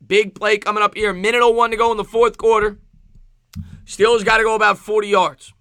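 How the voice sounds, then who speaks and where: A man with a New York accent streaming live play-by-play football commentary, excitable, with rhyming calls and thanks to chat viewers. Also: high voice, fairly quick, clean tone, no echo, clean studio sound. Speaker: sports streamer.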